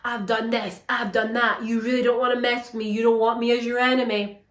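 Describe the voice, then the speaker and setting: A woman's voice: a little high, level tone, brisk, natural voice. A woman voicing a swaggering male criminal who makes mocking, repetitive threats. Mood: mock menace. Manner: mock-menacing, repetitive. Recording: roomy echo.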